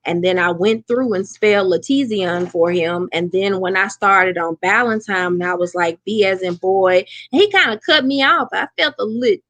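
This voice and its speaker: A woman co-hosting a casual chat, telling stories in an animated way with lots of exclamations. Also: mid-range voice, normal speed, few pauses, no room sound. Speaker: co-host.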